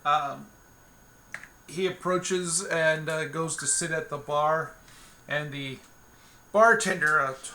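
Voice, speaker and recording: A man's voice: on the high side, takes it slowly, long pauses, pushed and bright, a little hiss or hum. A man narrating a solo tabletop game, meandering with many fillers and restarts as he thinks aloud.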